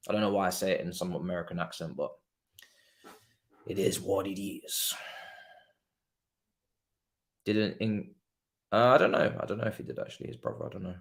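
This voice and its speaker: A young man doing live football watchalong commentary, chatty and slangy, shouting at the players. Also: low voice, brisk. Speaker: watchalong streamer.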